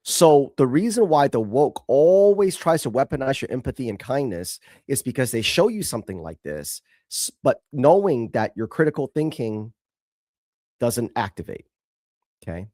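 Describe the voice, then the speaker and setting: A man's voice: medium pitch, sing-song, moderate pace, dark tone, no room sound, studio quality. A male host giving emphatic, scornful commentary on a video clip, repeating himself for stress.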